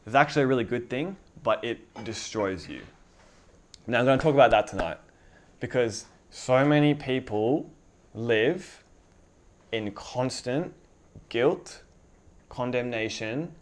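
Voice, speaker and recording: A young man preaching a casual sermon in a loose, chatty way, full of filler words and easy laughter. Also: on the low side. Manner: conversational, lots of filler likes, laughs easily.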